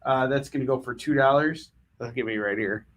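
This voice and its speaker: A man's voice: medium pitch, fairly quick. A man running a live comic book sale, full of puns and jokey sales patter.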